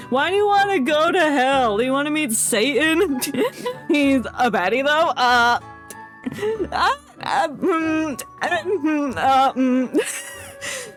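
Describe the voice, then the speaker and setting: A woman's voice: sits high, sing-song, takes it slowly, long pauses, a bit bright, soft background music. A woman streamer chatting through a story game playthrough, giggly, scatterbrained and self-deprecating. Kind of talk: casual game playthrough chat.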